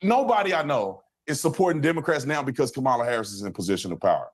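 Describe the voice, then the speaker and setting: A man's voice: medium pitch, lively intonation, quick pace. A man arguing insistently as a debate guest, repeating his points. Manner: insistent, repetitive. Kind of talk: heated debate.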